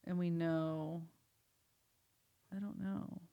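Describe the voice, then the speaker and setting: A woman's voice: fairly low pitch, flat delivery, very slow, clear, resonant tone, muffled recording. A woman from the United States hosting a podcast in loose, chatty talk and laughing easily. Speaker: podcast host. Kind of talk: casual chat.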